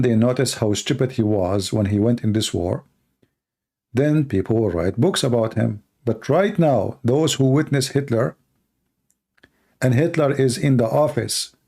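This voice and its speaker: A man's voice: medium pitch, vocal fry, warm tone, husky. A man answering viewer questions in a casual monologue, blunt and opinionated, often repeating words as he goes.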